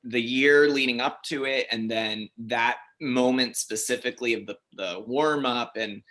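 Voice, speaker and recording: Guy in his 30s chatting away in an interview, bright voice, lots of likes and ums. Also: mid-range voice, measured pace. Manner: chatty, animated, many fillers. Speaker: interview guest, figure skater. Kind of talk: casual interview storytelling.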